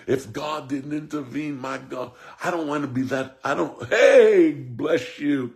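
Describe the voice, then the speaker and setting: A male preacher with a gravelly, creaky voice delivers a fervent sermon. He swings from shouted peaks to near-whispers, repeats his refrain and calls out to listeners by name. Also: fairly high pitch, unhurried, few pauses. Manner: fervent, swings between shouting and hushed tones. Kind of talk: impassioned sermon.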